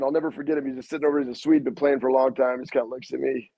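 A middle-aged man with a husky voice tells coaching stories in a casual interview. He is animated and acts out the quotes, with salty language. The sound is dry and close. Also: medium pitch, racing, no echo, rough recording. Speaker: head basketball coach, guest.

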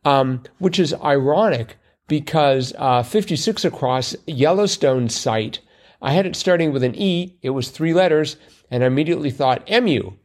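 A man's voice: on the high side, expressive, normal speed, a little mellow. Chatty man in casual conversation. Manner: chatty, self-deprecating, lots of fillers and restarts. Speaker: podcast co-host. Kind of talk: casual chat about crosswords.

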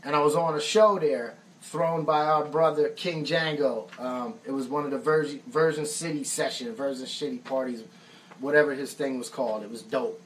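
A man's voice: medium pitch, steady tone, moderate pace, far from the mic, slight background noise, low-quality recording. An American musician and songwriter telling stories casually on a live stream, laid-back and profane, saying "man" often. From United States. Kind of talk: casual storytelling.

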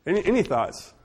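A man who is a teacher, leading a church group discussion and telling stories in an animated, joking way. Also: high voice, gravelly, slight background noise. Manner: animated, jokey storyteller with quick asides. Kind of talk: casual group discussion with storytelling.

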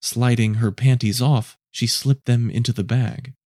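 A man narrating and producing an audio story in a measured, low-key, hushed reading. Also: fairly even intonation, no echo, clean studio sound.

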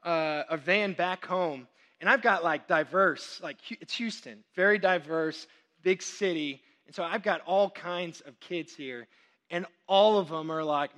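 A young man from Texas delivers a sermon in a high, bright voice. He tells stories with quick, animated asides as he preaches. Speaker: pastor.

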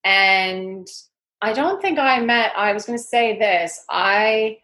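Speaking slowly at medium pitch, this New York-accented woman, an interview guest, rambles casually through her story with a chatty, energetic manner.

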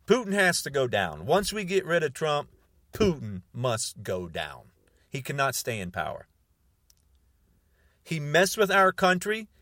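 A man's voice: mid-range voice, fairly bright tone, dry recording, clean studio sound. A man of about sixty delivering a heated monologue to camera, repeating words for emphasis and stretching out key words. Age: 60s. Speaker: video blogger.

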